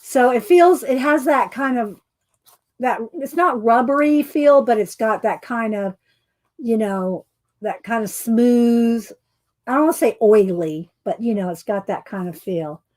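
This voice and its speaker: A woman's voice: on the high side, a little slow, a little mellow. A woman chatting casually as she unboxes craft mail. She giggles often, keeps saying "hang on", and sounds a little out of breath. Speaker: craft vlogger. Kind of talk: casual chat.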